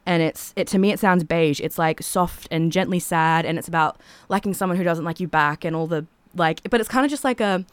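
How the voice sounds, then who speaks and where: A woman's voice: fairly low pitch, a little fast, hardly any pauses, clear, resonant tone, no room sound. A woman, a singer who is a podcast guest, chatting casually and rambling, with many filler "like"s. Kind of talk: casual chat.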